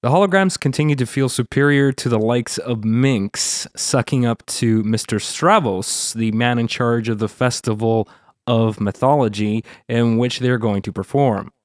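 A man hosting a podcast, recapping a cartoon episode at a quick clip and dropping sarcastic asides in casual chat. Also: medium pitch, dry recording, studio quality. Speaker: podcast host.

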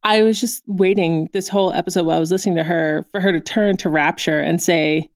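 A woman's voice: lowish voice, fairly even intonation, brisk, no echo, clean studio sound. A woman co-hosting a podcast, chatting casually and animatedly about a cartoon episode, often laughing. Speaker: podcast co-host. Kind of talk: casual chat recapping a cartoon.

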